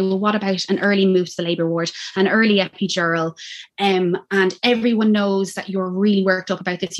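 A woman in her thirties with an Irish accent, casually telling a personal story and acting out what people said to her. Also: lowish voice. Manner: animated, acts out quoted lines.

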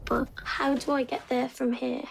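A woman's voice: high voice, little pitch movement, moderate pace, gravelly, very noisy. A woman voicing a young female dreamer in a film narration, speaking in a rousing, rising way. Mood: yearning. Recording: film clip with loud music.

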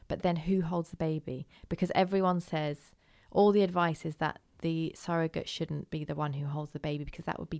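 Woman recounting her story with animation. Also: deep voice. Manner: animated, does voices of others when quoting. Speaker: interview guest. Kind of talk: candid personal storytelling.

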